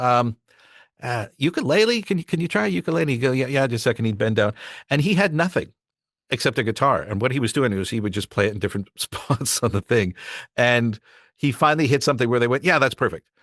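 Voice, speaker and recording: Pitched on the low side, a male voice actor guest chats casually on a podcast, telling rambling work anecdotes that include restarts and quotes he performs. There's no room sound, and the quality is studio-grade.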